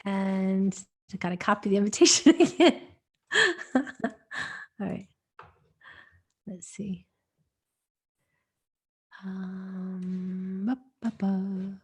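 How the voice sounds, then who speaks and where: A woman's voice: medium pitch, steady tone, drawn-out words, pauses often, breathy edge. A woman hosting an online webinar in casual chat, chatty and easygoing, trailing off as she fiddles with posts. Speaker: webinar host.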